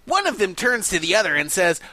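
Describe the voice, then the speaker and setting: A man's voice: high-pitched, big pitch swings, brisk, pushed and bright. A man on a comedy podcast giving a mock-serious reading of amateur fiction, now and then breaking into laughter. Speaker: podcast co-host reading aloud.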